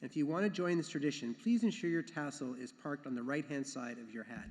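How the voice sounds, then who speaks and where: A man's voice: on the high side, fast, a little mellow. A man speaking as the education council chair at a graduation ceremony, earnest and sometimes repeating himself. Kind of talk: ceremony speech. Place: large hall. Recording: long hall reverb.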